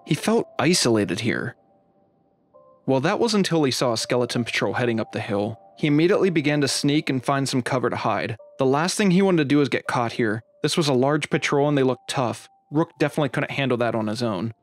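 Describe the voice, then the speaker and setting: A man's voice: mid-range voice, animated, a little fast, slight background noise. A man hosting his channel, telling an adventure story from a game playthrough in an upbeat, dramatic storytelling manner. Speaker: channel host and narrator.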